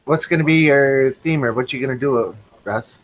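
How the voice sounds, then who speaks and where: A man co-hosting a casual livestream, reading viewer chat messages aloud in a relaxed way. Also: medium pitch, moderate pace, a little hiss or hum, poor audio.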